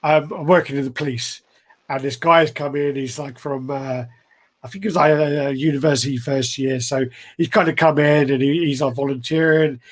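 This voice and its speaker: A man co-hosting a casual podcast tells rambling stories and laughs a lot as he talks. His voice is fairly high with fairly even intonation, at a normal speed.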